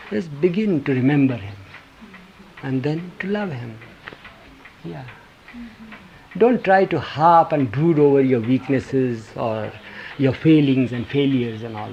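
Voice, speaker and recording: A man's voice: fairly high pitch, gravelly, dark tone. A man giving an informal talk to a group, telling stories, quoting his teacher and putting questions to the listeners. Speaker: speaker recounting a spiritual teacher's words. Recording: dull lo-fi tape with faint hiss.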